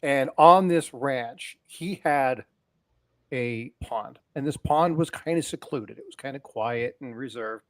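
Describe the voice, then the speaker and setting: A man telling folksy jokes on a live show with a lively, animated delivery. His voice sits a little high for a man, and he shifts it to voice the characters in each story. The sound is close and dry, with no room echo. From lived in Utah. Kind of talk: casual joke-telling on a live stream.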